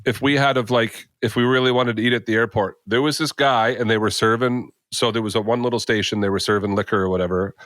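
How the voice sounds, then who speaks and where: A man's voice: medium pitch, fairly even intonation, fast, few pauses, fairly bright tone, dry recording, studio quality. A man hosting a podcast, telling a story in a rambling casual way full of fillers and asides. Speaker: podcast host.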